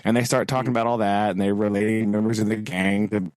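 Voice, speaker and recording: A man's voice: lowish voice, flat delivery, fast, darkish tone, clear, resonant tone, dry recording, poor audio. A man co-hosting a podcast, chatting casually and animatedly about a novel, laughing often and quoting characters. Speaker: podcast co-host. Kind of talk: casual book discussion.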